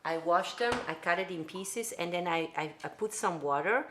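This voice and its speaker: A woman's voice: lowish voice, normal speed, fairly bright tone, slight background noise. An Italian woman with an Italian accent, hosting a live-streamed cooking show from her home kitchen, chatting and greeting viewers by name in loose English. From Italy. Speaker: host.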